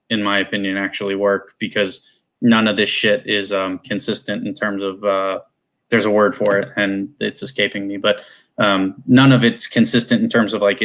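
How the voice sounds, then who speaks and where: A man talks in a lowish voice as a guest on a live show. He is joining over a video call. His delivery is loose and rambling, like easy conversation between friends. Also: a bit bright. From Cleveland, USA. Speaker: guest, competition airgun shooter. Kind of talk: casual conversation.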